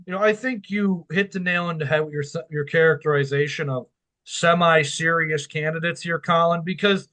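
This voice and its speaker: A man co-hosting a political podcast, offering measured analysis. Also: on the high side, fairly even intonation, bright, forceful tone. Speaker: podcast co-host. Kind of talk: casual political chat.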